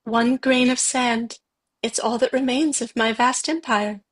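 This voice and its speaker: A woman reading the part of a gentle, wise young empress in a table read, with a soft, calm and encouraging way of speaking. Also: a little high, measured pace.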